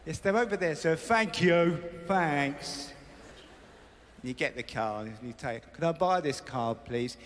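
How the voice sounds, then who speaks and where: A man's voice: on the high side, a little slow. A man doing a stand-up comedy routine on stage, acting out his own panic as he tells a story. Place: live comedy stage in a big hall. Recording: live hall recording with loud crowd noise.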